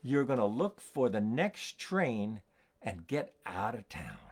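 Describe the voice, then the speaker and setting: An older man, a folksinger hosting his own stream, telling stories in a halting way, repeating words and chuckling as he goes. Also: on the low side, sing-song, slight background noise. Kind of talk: rambling storytelling to an online audience.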